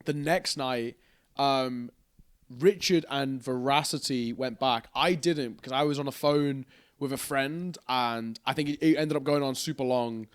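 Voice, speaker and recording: A man's voice: medium pitch, unhurried, smooth, no echo, clean studio sound. A young man telling a rambling story on a casual podcast, swearing freely. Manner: rambling, animated anecdote with swearing and laughter. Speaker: podcast co-host.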